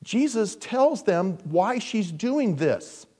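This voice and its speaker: Male pastor, higher voice, animated sermon delivery with loud peaks and hushed asides. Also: slow, slightly rough. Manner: acts out the people he quotes.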